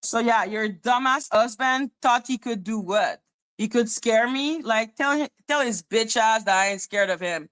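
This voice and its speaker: A woman's voice: on the high side, a little slow, fairly bright tone. A woman hosting a casual livestream, profane and taunting as she talks to her chat. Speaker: livestream host.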